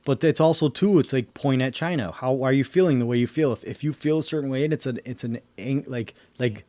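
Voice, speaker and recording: A man's voice: medium pitch, fairly quick, warm tone, no echo. Profane rambling man, dry close sound. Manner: heavy swearing, slangy; rambling conspiracy talk. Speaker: livestream host. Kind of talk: casual rambling chat.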